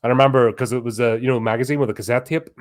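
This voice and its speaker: Guy co-hosting a podcast, middle-aged, loud and lively, laughs a lot. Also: medium pitch, racing. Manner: loud and animated, laughs easily. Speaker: podcast co-host. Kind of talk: casual chat.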